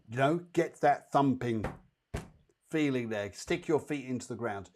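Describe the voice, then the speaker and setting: On a live psychic show, a male host with a medium-pitched, darkish voice and lively intonation gives viewers quick mini readings. He's chatty and reassuring, addressing the people he reads for directly.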